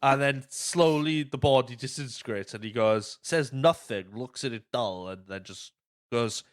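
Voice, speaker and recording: A man's voice: mid-range voice, normal speed. A man hosting a podcast, chatting casually about a movie, swearing often and acting out quotes. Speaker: podcast host.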